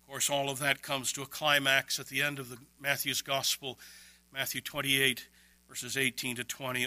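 A man preaching an expository sermon, emphatic, with quick bursts and slow, stressed words. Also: medium pitch, flat delivery, pushed and bright, dry recording.

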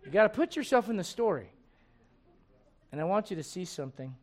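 A middle-aged man preaching a sermon to his congregation in a folksy, animated way, slipping into acted asides. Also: high-pitched, fairly quick. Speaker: pastor.

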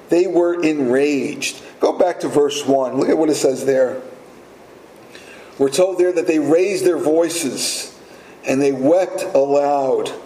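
A man preaches emphatically, throwing out rhetorical questions as pastor. His voice sits a little high yet sounds mellow and relaxed. The roomy echo of a church and a faint hum of ambience hang around him. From United States. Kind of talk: sermon.

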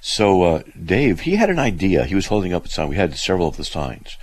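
A deep, gravelly male radio host, telling stories with big swings in pitch. His voice is husky and a little rough, and he keeps restarting his sentences in a chatty, animated way. This is a casual call-in show. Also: a little fast, no room sound, poor audio. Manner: animated storytelling with restarts, lively and amused.

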